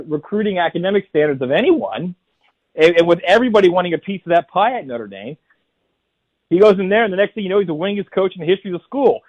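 A man talking fast in a high voice, stacking point on point as a radio guest. The line sounds dull and a little muffled. He keeps up an emphatic, rapid-fire flow. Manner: fast, emphatic, building an argument. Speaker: guest college football writer. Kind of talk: radio call-in interview.

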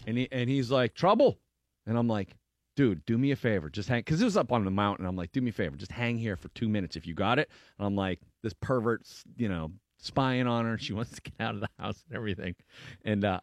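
A man, co-hosting a morning radio show and telling a story in casual chat, acting out quotes loudly. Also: lowish voice, brisk, dry recording. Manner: animated, acts out quotes loudly.

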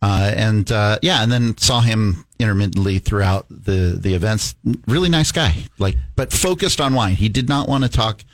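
A man's voice: lowish voice, normal speed, few pauses, no room sound. A middle-aged man as a studio guest on a casual radio show, easygoing and enthusiastic.

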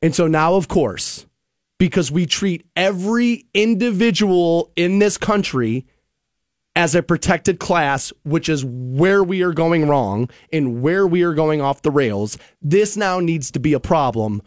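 A male podcast host ranting in a heated, emphatic way, swearing freely. His voice sits high for a man, and the sound is dry and close with no room around it. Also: animated, a little slow, no room sound. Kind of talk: opinionated podcast rant.

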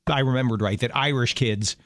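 A middle-aged man co-hosting a talk show, chatting casually and telling stories with quick laughs. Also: medium pitch, dry recording. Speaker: radio show co-host. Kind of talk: casual chat.

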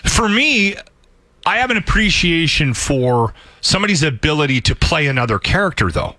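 A middle-aged man hosting a radio show in casual banter, emphatic and animated, often restarting his sentences. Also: fairly high pitch, normal speed, no echo.

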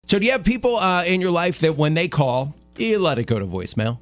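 A man's voice: big pitch swings, brisk, faint music behind. A middle-aged man co-hosting a playful casual radio chat. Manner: playful, puts on a low crooning voice for jokes. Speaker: radio co-host.

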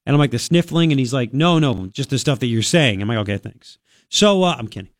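A man's voice: mid-range voice, lively intonation, fast talker, no room sound. A man hosting a radio talk show in a studio, chatty and sarcastic, sniffling from a cold. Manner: sarcastic, chatty, reads news aloud with asides. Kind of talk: casual talk radio commentary. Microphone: studio microphone.

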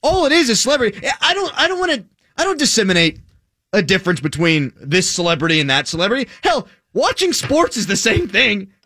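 Animated high-voiced American host. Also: male voice, fairly quick, no room sound. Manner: animated, opinionated. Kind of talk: casual talk-show chat.

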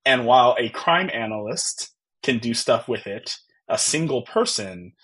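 A man's voice: medium pitch, animated, measured pace, a bit bright, husky. A man in his thirties, a podcast guest, telling a personal story in an earnest, reflective way with many fillers and restarts. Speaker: podcast guest, tech founder.

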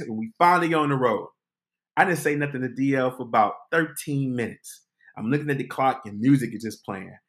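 A man hosting a podcast, telling a comic story in an animated, dramatic way. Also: a little high. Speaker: podcast host. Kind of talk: comedic storytelling.

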